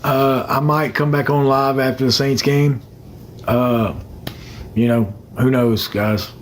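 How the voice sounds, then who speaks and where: A man's voice: medium pitch, fairly even intonation, takes it slowly, slight background noise. A young man chatting casually on a phone livestream, rambling and greeting commenters by name.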